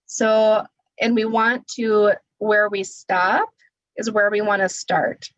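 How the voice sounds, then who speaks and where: A woman speech therapist teaching an online class, talking deliberately and encouragingly, her voice a little scratchy from talking. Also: medium pitch, steady tone, dull audio. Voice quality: says she naturally has a quiet voice. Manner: deliberate, encouraging, demonstrates loud vocal drills. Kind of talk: webinar instruction with voice exercises.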